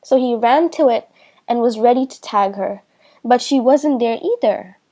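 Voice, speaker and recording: A woman reading a children's storybook aloud in a slow, clear way for beginners. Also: fairly high pitch, mellow. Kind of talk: children's book read-aloud.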